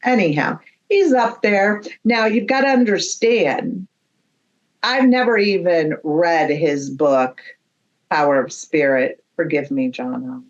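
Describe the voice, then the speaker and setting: A woman's voice: fairly low pitch, slow pace, highs cut off. A woman, a medium who is a guest on a podcast, telling a story in a casual interview and acting out the voices of the people in it. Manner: animated storyteller, acts out quoted voices.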